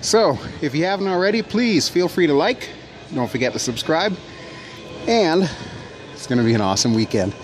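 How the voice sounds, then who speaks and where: A man vlogging casually as he travels, chatty and excitable, talking straight to his viewers. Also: fairly high pitch, moderate pace, pauses often. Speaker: flight sim vlogger. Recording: loud background noise of plane and airport.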